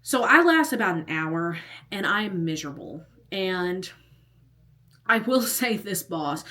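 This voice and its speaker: On her vlog, a young woman shares a personal storytime in a slightly low, fairly bright voice. She's casual and animated, laughing often as she recounts what happened.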